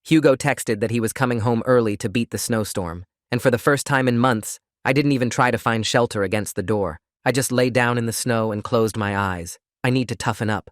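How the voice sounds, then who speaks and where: A man narrating a first-person story in a steady, even reading voice. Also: medium pitch, a little fast, hardly any pauses, no room sound, studio quality. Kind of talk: scripted narration.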